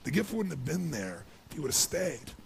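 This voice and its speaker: Gravelly man telling an emotional story. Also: a little high, moderate pace, slight background noise. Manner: emotional, rising to excited passion. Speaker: motivational speaker. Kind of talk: motivational storytelling speech.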